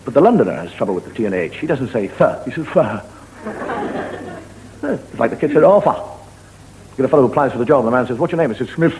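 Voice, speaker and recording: An Irish man spins jokes in a wry, dry way, chuckling between lines. His pitch lifts and falls in lively swings. The old television recording carries a clear hiss of noise. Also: a little fast, long pauses, low-quality recording. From Ireland. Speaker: stand-up comedian. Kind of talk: seated storytelling monologue.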